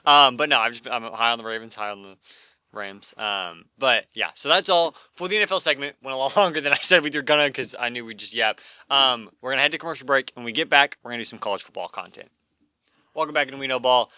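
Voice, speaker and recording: Male sports podcast host, rapid and opinionated, bright edge, dry close mic. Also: medium pitch, clean tone, dry recording. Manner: fast, opinionated, lots of fillers and restarts. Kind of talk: casual sports chat.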